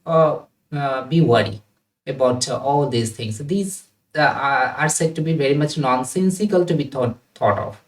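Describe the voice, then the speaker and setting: A man, a tutor giving feedback in a class, speaking haltingly with many filler pauses. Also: mid-range voice. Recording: roomy, distant from the mic.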